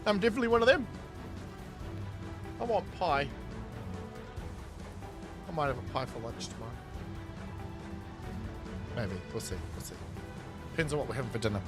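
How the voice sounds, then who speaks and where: A man's voice: a little high, sing-song, normal speed, long pauses, loud music behind the voice. A man streaming a game, casually reading chat aloud and riffing on it with frequent laughs. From New Zealand. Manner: reads chat aloud and riffs on it, laughing often. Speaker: gaming streamer.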